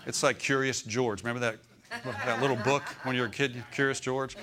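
A man's voice: medium pitch, fairly even intonation, a little fast, a crowd in the background. Conversational male pastor preaching. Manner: conversational preaching, asks the congregation for agreement. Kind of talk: sermon. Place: church.

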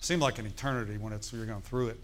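A middle-aged male pastor, telling a story in a sermon in a conversational, animated way and asking the congregation questions. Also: lowish voice, quick pace.

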